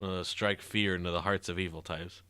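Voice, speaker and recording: A man's voice: low voice, fairly even intonation, moderate pace, heavy background noise. A male game streamer giving casual, joking commentary as he plays and reads game text aloud. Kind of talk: casual commentary while playing. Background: loud game music.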